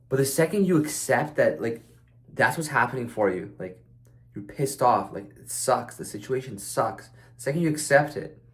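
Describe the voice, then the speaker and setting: A man giving a casual motivational monologue, loose and conversational, with frequent fillers and restarts and some blunt swearing. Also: medium pitch. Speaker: speaker sharing life advice.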